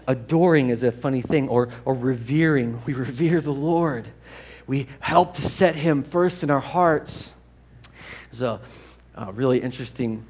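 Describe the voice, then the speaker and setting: A man preaching a sermon as pastor in a church, animated and storytelling, at times putting on excited voices. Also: medium pitch, slightly rough. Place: church sanctuary.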